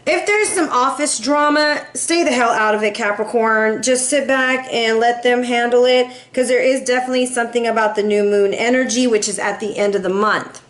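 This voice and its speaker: A woman's voice: a little high, fairly even intonation, normal speed, hardly any pauses, a bit bright. Chatty woman giving a tarot reading. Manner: chatty, playful, swears casually; acts out voices in quotes. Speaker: tarot reader.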